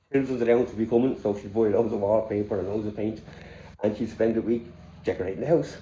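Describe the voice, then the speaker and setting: Irish man, middle-aged, mellow dark voice, roomy dull recording, chatty storytelling. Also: lowish voice, fast talker, slight background noise. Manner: animated storyteller who laughs often. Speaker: vlogger. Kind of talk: casual storytelling.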